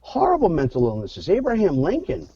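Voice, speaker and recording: Frank storytelling man, mellow voice, dry dull lo-fi sound. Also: high-pitched, wildly swooping pitch, a little fast, husky, no room sound. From Philadelphia, US. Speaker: podcast guest, actor. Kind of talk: candid interview talk.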